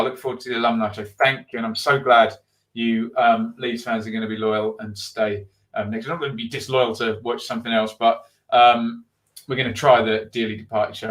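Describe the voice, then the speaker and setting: Reading viewers' comments aloud on his live football stream, this middle-aged channel host says "um" a lot as he thinks things through. His voice is mid-range with a slightly bright quality.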